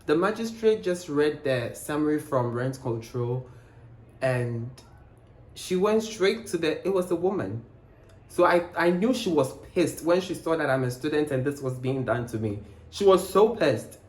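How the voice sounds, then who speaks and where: Animated young man telling a story. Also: a little high, a little slow. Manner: animated, emphatic storytelling with rhetorical questions. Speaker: vlogger. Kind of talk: storytime vlog. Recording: roomy echo, faint background noise.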